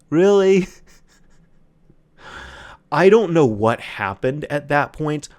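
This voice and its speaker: A man in the middle of his pitch range talks through a shop story on his solo podcast. He tells it casually and with energy, slips into the voices of the people involved, and keeps restarting his sentences as he goes. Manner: animated retelling with quoted voices, frequent restarts. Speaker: podcast host.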